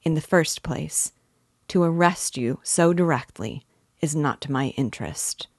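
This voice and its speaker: A woman voicing a shrewd middle-aged male magistrate who presses his point in a measured, quietly insistent way. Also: low voice, husky, no room sound, studio quality, exaggerated voice. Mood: calmly pressing.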